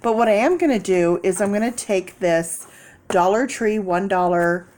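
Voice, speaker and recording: Woman vlogger, casual storytelling, animated, mimics people. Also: medium pitch, normal speed. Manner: animated, mimics people in quoted voices, laughs often.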